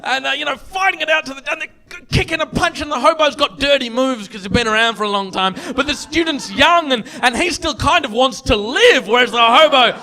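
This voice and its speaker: A man doing stand-up as the evening's compere, loud and theatrical. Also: very high-pitched, fairly quick, few pauses. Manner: loud, excitable, theatrical outbursts. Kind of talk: stand-up comedy.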